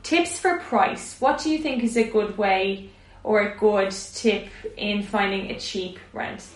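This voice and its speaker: A woman's voice: medium pitch, unhurried, far from the mic. A woman co-hosting a podcast, leading the segments and asking the others questions. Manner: leads the segments, reacts with laughs. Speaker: podcast co-host. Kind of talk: casual podcast chat. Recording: echoey room, off mic.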